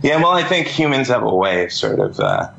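A man calling in to a podcast, speaking in measured, considered phrases. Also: medium pitch, huge pitch swings, vocal fry, a bit bright, muffled recording, faint music behind. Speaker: caller. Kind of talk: casual phone-in chat.

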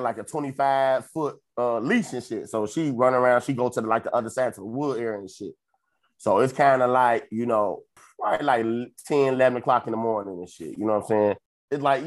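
A young man with a Chicago accent, telling a long story in casual podcast chat, full of swearing, who jumps into high voices to quote people. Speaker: podcast co-host.

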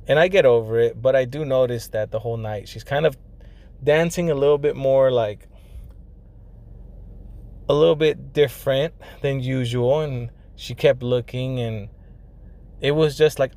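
In a medium-pitched, gravelly and slightly mellow voice, a young man shares a story from his own life. It's loose, profane and slangy, heavy on "like" and "you know," and he drops Spanish bits into the English.

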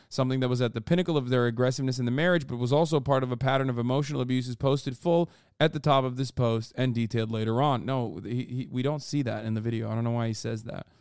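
A man's voice: mid-range voice, clean tone, dry recording, clean studio sound. A man hosting a live reaction stream, swearing and sounding incredulous as he comments and reads an article aloud. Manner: profane, incredulous running commentary.

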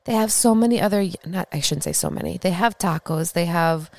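A woman's voice: lowish voice, brisk, darkish tone, no echo. A woman co-hosting a podcast, chatting with enthusiasm. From United States. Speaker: podcast co-host. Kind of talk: casual chat.

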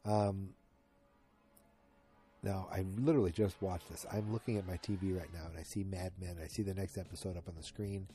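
Sleepy deep-voiced man rambling through a recap. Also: fairly even intonation, normal speed, mellow. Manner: rambling, chatty, full of asides. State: sleepy, yawning. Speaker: podcast host recapping a TV episode. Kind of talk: casual spoken recap. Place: at home in front of the TV.

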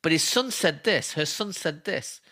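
Man, interview guest, heartfelt storytelling, emphatic repetitions, forceful tone. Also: a little high, animated, a little slow. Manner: earnest, emphatic, repeats himself for stress. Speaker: interview guest, spiritual healer. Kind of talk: emotional personal storytelling.

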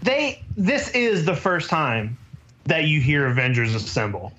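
A co-host fires off puzzled questions about a film in a middle-pitched voice. A faint noise sits behind the talk. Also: measured pace, muffled recording. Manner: quizzical, animated questions. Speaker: podcast co-host. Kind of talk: casual movie review chat.

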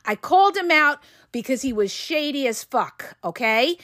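A woman with a high voice gives blunt, emphatic advice on her podcast. She swears casually and keeps checking in with her listeners. The recording is close and dry, with no room sound. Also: expressive, moderate pace, fairly bright tone, no echo. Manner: blunt and emphatic, with frequent "okay?" and "all right?" check-ins. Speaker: podcast host.

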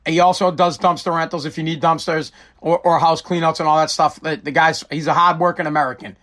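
High-voiced rambling male host. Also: fairly even intonation, a little fast, fairly bright tone. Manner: rambling, joking, profane. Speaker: show host. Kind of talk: casual live-stream chat.

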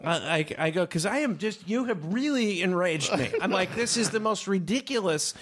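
A man casually telling a story in a chat, animated, acting out both sides of an argument. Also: high voice, moderate pace.

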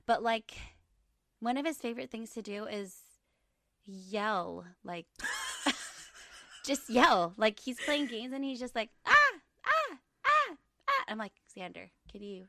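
A woman's voice: a little high, lively intonation, takes it slowly, gravelly, long pauses, a bit bright, dry recording, clean studio sound. A woman co-hosting a podcast, chatting casually and laughing often. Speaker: podcast co-host. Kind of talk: casual chat.

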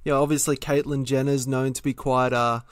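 A man's voice: mid-range voice, flat delivery, fairly quick, dry recording, studio quality. A man with an Australian accent co-hosting a comedy podcast, ranting in a sweary, sardonic way. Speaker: podcast co-host. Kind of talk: casual comedic chat.

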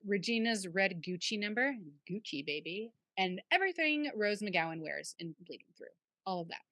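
Woman host, casual chat, effusive and quick to gush, dry mic. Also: mid-range voice, animated, a bit bright, no echo. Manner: gushing, chatty, fond of swearing. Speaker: podcast co-host.

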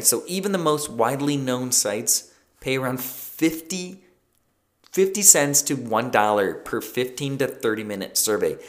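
A man hosting a solo podcast, talking casually with frequent fillers and self-corrections. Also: medium pitch. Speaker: podcast host.

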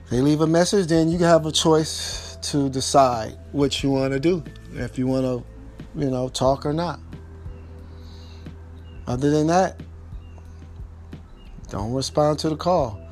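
A man's voice: on the high side, a little mellow. A man giving casual relationship advice, repeating his points emphatically and speaking informally straight to the listener. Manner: informal speech with double negatives.

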